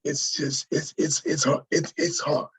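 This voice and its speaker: A man co-hosting a podcast, chatting casually and haltingly, repeating words. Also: fairly high pitch, flat delivery, fairly bright tone, husky. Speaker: podcast co-host. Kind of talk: casual interview chat.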